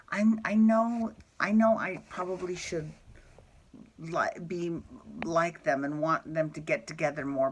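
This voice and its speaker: A man's voice: high-pitched, a bit bright. Chatty gushing man recapping soaps. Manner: chatty and gushing, quick asides and apologies. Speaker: soap opera recap host. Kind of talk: casual chat.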